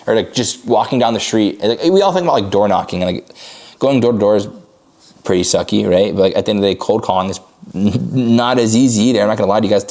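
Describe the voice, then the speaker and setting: A man running a sales coaching call, talking fast and casually with many "like" fillers and bursting into high energy when he acts out calls. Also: darkish tone.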